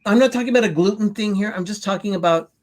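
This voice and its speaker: Slightly high-voiced man reading comments. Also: very fast. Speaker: co-host reading the list and comments. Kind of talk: casual livestream chat.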